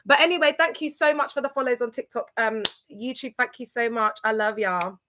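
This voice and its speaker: A woman hosting a live stream, chatting warmly and directly with her viewers as she wraps up, speaking into a phone held close. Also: on the high side, fairly quick, background noise. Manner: chatty, affectionate, talks straight to viewers. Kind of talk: casual live-stream sign-off.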